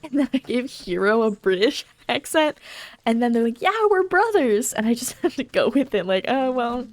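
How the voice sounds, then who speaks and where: A woman's voice: a little high, normal speed, no echo. A woman streamer giving casual, giggly commentary while playing a game. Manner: giggly, playful, rambling.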